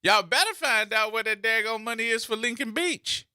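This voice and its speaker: A man's voice: extremely high pitch, moderate pace, pushed and bright, clear, resonant tone, dry recording, clean studio sound. A man, hosting a talk radio show with playful, theatrical commentary and mocking put-on voices. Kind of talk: animated commentary with mock skits.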